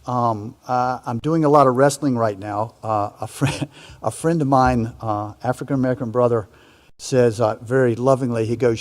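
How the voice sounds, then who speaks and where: A man's voice: medium pitch, fairly even intonation, moderate pace, in a large hall. An older man speaking as a panelist in a discussion, earnest and reflective, often restarting his sentences.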